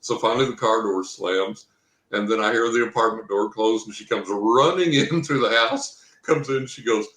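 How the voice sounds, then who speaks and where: Fairly low in pitch, a bit bright, and at normal speed, a Texas man who works as a professional psychic reader tells a rambling personal story as an interview guest. He acts out what people said, and the recording has a roomy echo.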